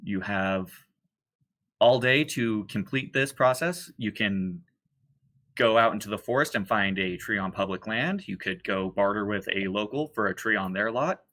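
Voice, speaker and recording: A man narrating as game master of a tabletop horror game, relaxed and sometimes losing his thread. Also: lowish voice, normal speed, low-quality recording. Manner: relaxed, occasionally losing his train of thought.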